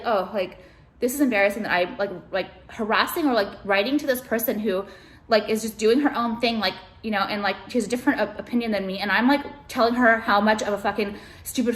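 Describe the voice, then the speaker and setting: High-voiced woman vlogger, confrontational and profane, casual filler-heavy rant. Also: a bit bright. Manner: combative, profane, full of "like" fillers.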